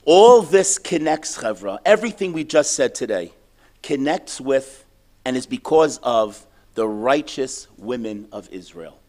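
A man teaching a Torah class, lively, asking questions and answering them himself. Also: medium pitch, measured pace. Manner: animated, asks and answers his own questions.

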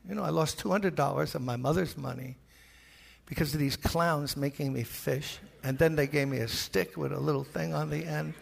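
Older new york pastor, brooklyn accent, gravelly and kinda high, acting out a story in a sermon, big echoey church. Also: male voice, normal speed. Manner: animated storyteller, acts out voices. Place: large church. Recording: reverberant church hall.

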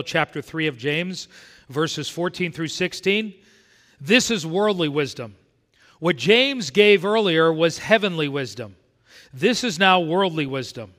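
A man's voice: a little high, fairly bright tone. A man preaching a sermon as pastor, emphatic and repeating his key points. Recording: long church hall reverb.

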